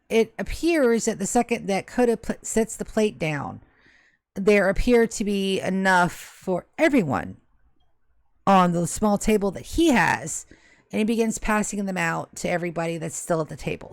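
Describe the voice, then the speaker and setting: A woman's voice: lowish voice, gravelly, no echo. A woman narrating as game master of a tabletop game, joking and swearing at her players.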